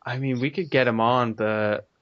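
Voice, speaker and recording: A man's voice: mid-range voice, steady tone, normal speed, fairly bright tone, no echo. A man with an English accent hosting a casual podcast chat, rambling and laughing often. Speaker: podcast host. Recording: dry, dull lo-fi mic.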